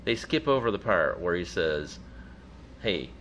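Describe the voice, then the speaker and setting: A man's voice: deep voice, very animated, moderate pace, fairly bright tone, slight background noise. A man giving casual political commentary, reading out passages and talking them through with fillers and restarts. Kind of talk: commentary reading out quoted transcripts.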